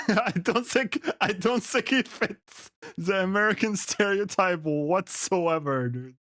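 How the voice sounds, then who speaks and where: Animated male streamer, slightly high voice. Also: slow, no room sound, studio quality. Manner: amused, exasperated reactions with stammered restarts. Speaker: streamer reacting to clips. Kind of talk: live-stream commentary.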